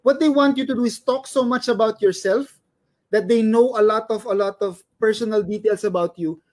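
A man's voice: high voice, fairly quick, a little mellow. Analytical Filipino man in casual chat. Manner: analytical, explains carefully, stumbles over words. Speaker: stand-up comedian and IT worker, guest.

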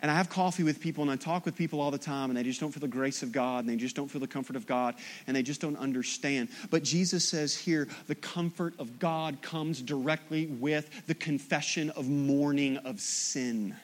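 A man with a fairly high voice preaches a sermon. He swings from loud, punchy emphasis to quiet, intense asides, with touches of humor. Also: steady tone, moderate pace, hardly any pauses. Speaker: pastor.

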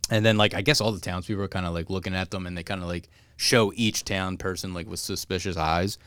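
A man's voice: sits low, fairly even intonation, fairly bright tone, clean tone, dry recording. A man co-hosting a podcast, casually recapping a cartoon episode, laughing often and quoting lines. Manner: laughs often, quotes lines in quick put-on voices. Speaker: podcast co-host.

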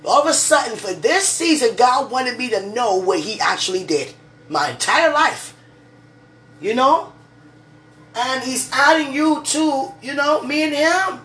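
Speaking in a high, unhurried voice, a woman chats casually and gushingly with her partner at home. She rambles, saying "you know" often and adding fervent religious asides. The room is echoey, she's far from the mic, and there's steady background noise.

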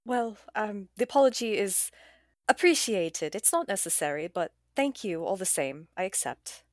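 Woman player, polite and gracious, lively voice, dry sound. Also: mid-range voice, normal speed, dry recording. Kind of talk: playing a tabletop game.

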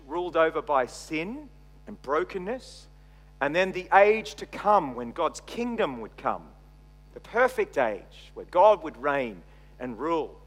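Middle-aged Australian male pastor, high voice, dynamic sermon delivery, recorded with long hall reverb. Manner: expressive preaching, swinging between loud emphasis and quiet asides.

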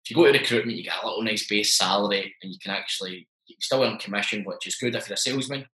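A young man in his twenties, a guest telling his story in a chatty, animated way and acting out the dialogue. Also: on the low side, very fast, roomy sound, rough recording. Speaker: interview guest, business owner. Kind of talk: casual storytelling.

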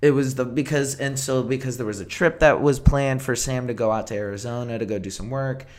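Casual male podcast host, rambling storyteller, mid-pitched, lots of "you know" and restarts. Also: brisk. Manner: rambling, many restarts and fillers.

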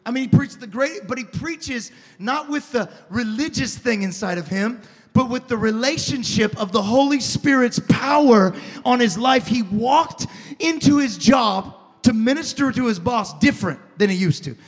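A male pastor preaching a fervent sermon to a congregation, dropping to a hush and then rising to shouts. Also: extremely high pitch, expressive, normal speed, long reverb tail. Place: church sanctuary before a congregation.

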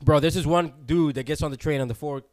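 A young man, telling a story to friends in an animated, slangy way and laughing often. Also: on the high side, quick pace, dry recording, clean studio sound. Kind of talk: casual storytelling among friends.

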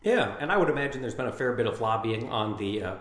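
A man's voice: mid-range voice, animated, quick pace, fairly bright tone, reverberant. A man co-hosting a farm news talk show, chatting casually and reading grain market figures in a folksy way. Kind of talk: casual radio chat and market report.

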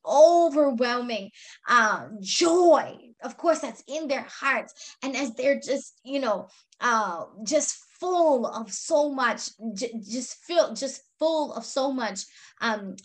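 A woman giving an earnest religious history lecture, telling the story with frequent "right?" checks and Arabic phrases. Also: on the high side. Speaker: religious teacher.

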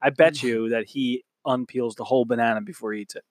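A man's voice: medium pitch, steady tone, fast, no echo. A man co-hosting a podcast, joking crudely and laughing often as he rambles through riffs. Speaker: podcast co-host. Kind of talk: casual crude banter.

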